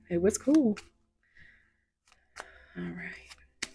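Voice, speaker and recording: Husky-voiced woman giving a tarot reading. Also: lowish voice, slow, long pauses, soft background music. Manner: chatty, rambling, laughs often, drops into whispered asides. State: hoarse, recovering from illness. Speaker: tarot reader. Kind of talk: casual tarot reading chat.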